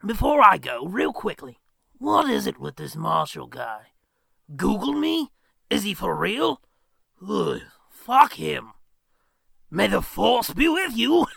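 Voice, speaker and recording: A gravelly, sing-song villain clown. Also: male voice, high-pitched, very animated, takes it slowly, long pauses, no echo, clean studio sound, full character voice. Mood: mocking. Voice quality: gravelly, sharp. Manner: theatrical swings from cooing to shouting. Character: grinning male villain clown, mocking. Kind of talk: recorded character voice clip.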